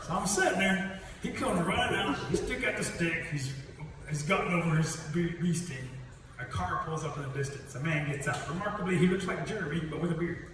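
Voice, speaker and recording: A man telling stories to students in a lively way, chuckling at his own jokes and acting out the voices. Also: on the high side, a little fast. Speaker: storyteller. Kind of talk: storytelling to students. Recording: echoey hall from far off, background noise.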